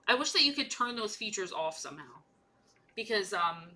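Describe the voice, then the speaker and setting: A woman's voice: medium pitch, sing-song, normal speed, sharp tone. A young woman chatting casually and playfully while she paints miniatures on a livestream, rambling from one joke to the next.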